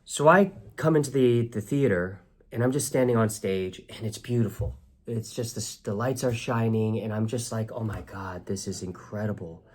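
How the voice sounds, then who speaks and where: A man's voice: mid-range voice, normal speed, darkish tone. A man telling a personal story in an earnest, reflective way, acting out the lines of the people in it. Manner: earnest, reflective, acts out quoted dialogue. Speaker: actor telling his story.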